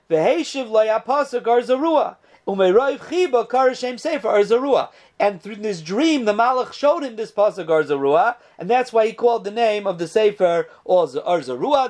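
A man giving a casual Torah lesson, telling stories and sprinkling in Hebrew terms. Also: high-pitched. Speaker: Torah teacher.

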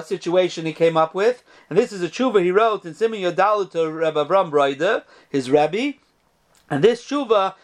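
Male lecturer, high pitch, casual explanatory Torah class. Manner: reads Hebrew quotes, then explains them in casual English with fillers. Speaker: Torah teacher. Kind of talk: lecture reading and translating rabbinic responsa.

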